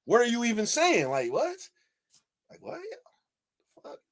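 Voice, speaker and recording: A man with a high, light voice talks straight to his viewers in loose reaction commentary. He gets animated, fires the same rhetorical question again and again, and swears freely. He is from Michigan. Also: a little slow. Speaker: video commentator.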